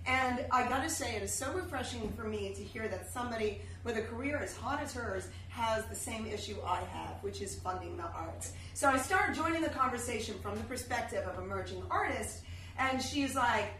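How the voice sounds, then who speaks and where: A woman's voice: on the high side, animated, moderate pace, a bit bright, a little hiss or hum. A woman in her thirties performing a chatty, self-deprecating comic monologue on a theater stage, heard on a distant, echoey live recording. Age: 30s. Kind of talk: solo comedy storytelling.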